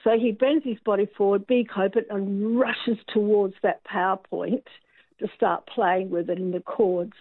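A woman calls in to a radio show to share an anecdote, chatty but hesitant. Her mid-range voice is a little slow with fairly even intonation. It comes through a tinny telephone line with no room sound.

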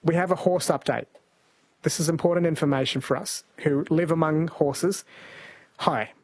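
A man's voice: a little high, darkish tone, breathy edge, dry recording. A man from New Zealand hosting a talkback radio show, chatting easily with callers and reading out listener texts. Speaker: radio host. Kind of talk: casual talkback radio chat.

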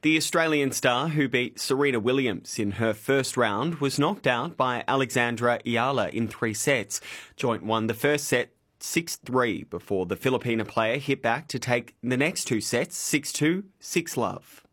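A man reading a radio news bulletin in an even, measured way. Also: medium pitch. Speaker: newsreader.

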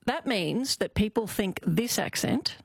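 A woman's voice: mid-range voice, expressive, a little slow, gravelly, slightly rough, no echo. A woman comedian, chatting as a radio guest in a bubbly, enthusiastic way. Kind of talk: casual radio chat.

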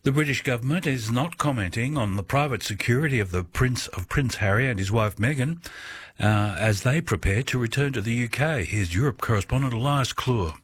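A man reading a radio news bulletin in a measured, steady way. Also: mid-range voice, breathy edge. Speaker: newsreader.

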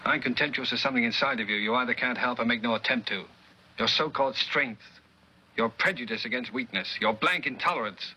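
An actor with a Mid-Atlantic accent playing a stern man who lectures a proud woman, in measured, cutting 1940s film style. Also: medium pitch, bright, forceful tone, slight background noise. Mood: scornful. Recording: dull old film soundtrack.

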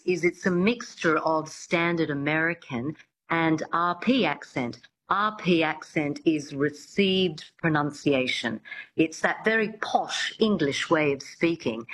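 A woman's voice: fairly low pitch, a bit bright, low-quality recording. A woman accent coach, a guest on a radio interview, explaining in a loose way with some restarts.

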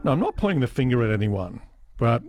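A man's voice: medium pitch, very animated, quick pace, music in the background. A man hosting a radio show, chatting casually and self-deprecatingly with a co-host. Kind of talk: casual on-air banter.

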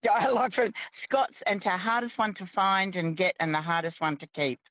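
A woman's voice: medium pitch, moderate pace, fairly bright tone, no room sound, rough recording. A woman from Australia calls in to a radio chat, talking in a mid-range voice. She hesitates and restarts her sentences often. The sound is dry and close. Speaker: caller.

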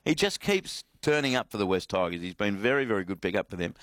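Upbeat radio sports host. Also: male voice, on the low side, lively intonation, quick pace, few pauses, fairly bright tone, no echo. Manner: upbeat, teasing banter.

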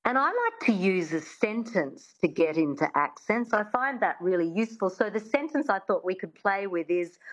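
A woman's voice: mid-range voice, very animated, normal speed, few pauses. A woman, a dialect coach who patiently demonstrates sounds and has the listener repeat them in an interview. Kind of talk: interview guest teaching an accent. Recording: dull, muffled sound.

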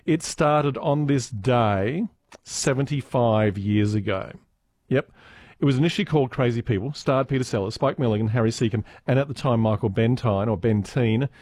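A man presenting a radio show in a chatty, amused, relaxed way. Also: mid-range voice, normal speed, no echo. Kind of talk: casual radio chat. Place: radio studio.

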